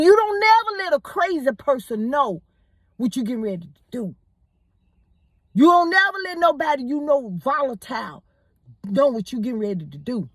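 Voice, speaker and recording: A woman telling a personal story in a casual, animated way, often repeating words as she goes. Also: fairly high pitch, dry recording. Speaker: storyteller host.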